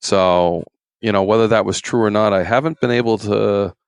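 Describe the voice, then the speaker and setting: A man's voice: lowish voice, moderate pace, clear, resonant tone, dry recording. A middle-aged man, a retired game warden, telling folksy, rambling stories in an interview and acting out quotes in raised voices. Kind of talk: casual storytelling interview.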